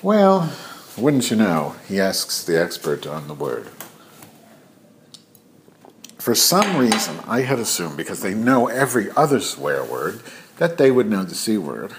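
A man's voice: fairly low pitch, very animated, moderate pace, noisy background. A man telling a rambling, profane anecdote to camera in a casual vlog. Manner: rambling and profane, with many fillers. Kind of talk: casual storytelling.

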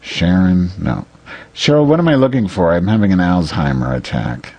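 A low-pitched man with a husky edge to his voice, bossing his co-host around in crude comic banter. His pitch swings widely as he teases and scolds, and the sound is close and dry. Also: expressive, moderate pace, darkish tone, no room sound. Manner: bossy, teasing and impatient. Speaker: podcast co-host. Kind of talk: crude bickering comedy banter.

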